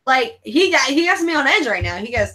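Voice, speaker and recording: A woman's voice: high-pitched, big pitch swings, brisk, bright, forceful tone. A woman hosting a casual watch-along chat, giggly and crude, with frequent laughter. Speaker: channel host.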